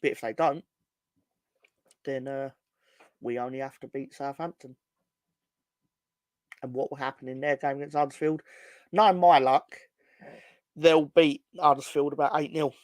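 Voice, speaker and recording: A man's voice: a little high, steady tone, moderate pace, pauses often, no room sound. A man co-hosting a casual football fan show, rambling and sardonic, swearing freely. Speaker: football podcast co-host.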